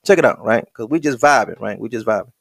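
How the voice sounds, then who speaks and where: A man's voice: mid-range voice, animated, fast, gravelly, dry recording, clean studio sound. A man giving a heated, profane commentary rant, talking straight at his listeners in a colloquial, emphatic, repetitive way. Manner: addresses the listener directly, colloquial. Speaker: online commentator.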